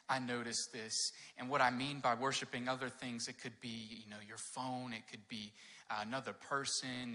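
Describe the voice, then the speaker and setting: A man's voice: mid-range voice, sharp tone, big-room sound. A man working as a children and youth pastor, giving a casual, chatty children's sermon during a church service without his own microphone. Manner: casual, chatty, addresses listeners as "guys" with many fillers. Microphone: no personal mic, picked up by room sound.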